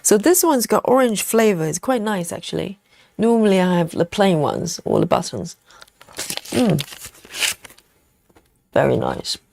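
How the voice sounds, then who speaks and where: A woman hosting a relaxed live cross-stitch stream, chatting casually with viewers as she stitches. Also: mid-range voice, vocal fry. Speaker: host of a cross-stitch livestream. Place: at home in the evening.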